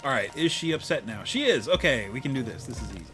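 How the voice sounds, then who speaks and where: A young man chats playfully while he plays a game. His pitch is lively, and he keeps up a running, casual commentary. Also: quick pace, soft background music. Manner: playful, chatty, talks to his cat. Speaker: game streamer.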